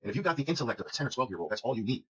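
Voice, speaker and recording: Emphatic, fast husky male trading teacher. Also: mid-range voice, very animated, rough recording. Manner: emphatic, drills points with repeated questions. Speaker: trading instructor. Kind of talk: recorded chart lesson.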